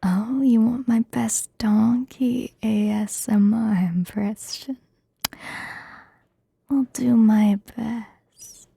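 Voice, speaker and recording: Breathy whispering ASMR woman. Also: fairly high pitch, fairly even intonation, very slow, dark tone, no echo. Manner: whispered, giggly asides. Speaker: ASMR streamer. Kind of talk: ASMR whispered script reading.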